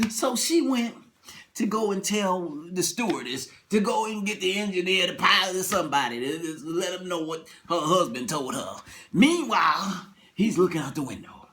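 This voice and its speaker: Animated man retelling a story, laughing. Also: sits high, normal speed. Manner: animated, laughing often, colloquial.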